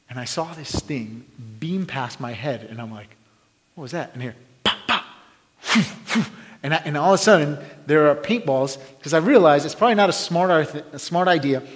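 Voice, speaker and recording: A man preaching a sermon, telling a story with lots of restarts and shouted sound effects. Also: fairly high pitch, expressive, a little fast, few pauses. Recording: long hall reverb.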